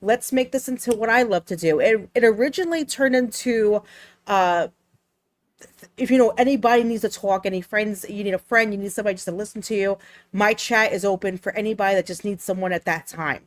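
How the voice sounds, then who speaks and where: A woman with a New Jersey accent talks as a guest streamer. She tells her stories in an animated, earnest way at a middle pitch. The sound is dry and close. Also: fairly quick, no echo. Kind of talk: casual chat.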